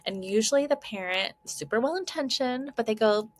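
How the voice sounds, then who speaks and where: A woman's voice: fairly high pitch, lively intonation, normal speed, dry recording. A woman parenting coach giving casual advice to camera, chatty and laughing often, checking in with listeners as she goes.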